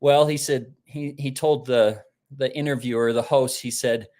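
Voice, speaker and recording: A man's voice: mid-range voice, normal speed. A man giving a live-streamed motivational talk, telling stories conversationally and often restarting his sentences. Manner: animated storytelling, acting out quoted voices. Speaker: motivational speaker.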